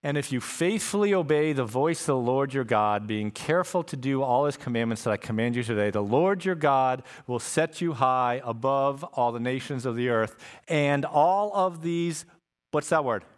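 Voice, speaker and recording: A man's voice: medium pitch, normal speed, clear, resonant tone. A male pastor preaching a sermon in a church, conversational and repeating key phrases for emphasis. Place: church sanctuary with congregation.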